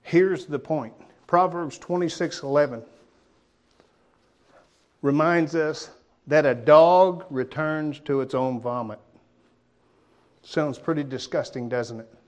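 A man's voice: a little high, slow pace, pauses often. Folksy male preacher with a lightly raised voice. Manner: conversational, folksy, with dramatic drops and quiet emphasis. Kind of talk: sermon.

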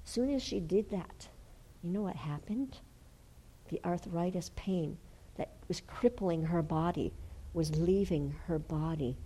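A woman preaching a sermon and telling a healing story, dropping to hushed whispers and then rising to loud, fervent exclamations. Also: lowish voice, low-quality recording. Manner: storytelling with acted quotes.

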